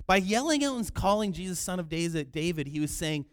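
A man with a somewhat high voice delivers a sermon with lively energy. He swings between quiet, reflective asides and loud, dramatic cries as he acts out the figures in his story. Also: fairly quick, hardly any pauses. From Canada. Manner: animated preaching, acting out quoted cries loudly. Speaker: pastor.

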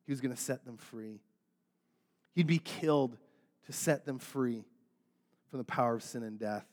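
A man's voice: fairly high pitch, big-room sound. A man pastor delivering a sermon to his congregation, emphatic and repetitive, building in rising phrases.

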